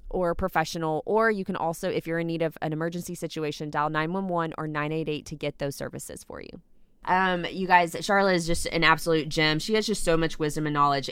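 A woman's voice: low-pitched, fairly bright tone, clean tone, no room sound. A woman hosting a podcast interview, upbeat and gushing, with many fillers. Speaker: podcast host.

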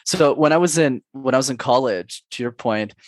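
A man from Canada tells his life story to an interviewer in an earnest, reflective way. He slows down to lean on the words that matter most. His voice sits at an ordinary pitch, and the recording is dry and close. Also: no echo. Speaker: podcast guest.

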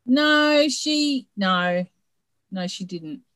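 A woman's voice: a little high, animated, very slow, a bit bright, no room sound. A middle-aged woman, an author, telling her story in a casual video-call interview, chatty and rambling with many restarts. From Australia.

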